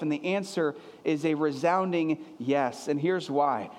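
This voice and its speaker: A man's voice: fairly high pitch, measured pace, few pauses, in a large hall. A man preaching a sermon as a pastor, earnest and emphatic, often repeating his phrases for weight.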